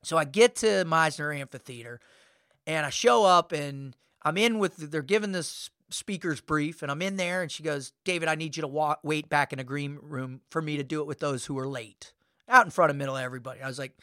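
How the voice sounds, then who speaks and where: Man, motivational speaker, slightly high bright voice, lively casual storytelling, dry close mic. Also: fairly quick, no echo. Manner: animated, acts out his own inner voice and quotes. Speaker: podcast guest, motivational speaker.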